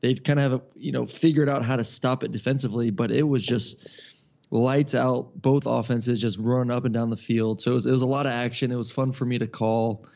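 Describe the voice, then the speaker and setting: A man who calls football games, chatting loosely on a sports podcast in a relaxed, rambling way. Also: medium pitch, fairly quick, vocal fry, dull audio. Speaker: podcast co-host and football broadcaster. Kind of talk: casual sports podcast chat.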